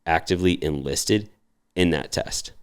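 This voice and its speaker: A man's voice: sits low, unhurried, clear, resonant tone. A young man in his twenties telling casual, profane stories and acting out the voices of the people in them. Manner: profane, acts out quoted voices animatedly. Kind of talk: casual storytelling.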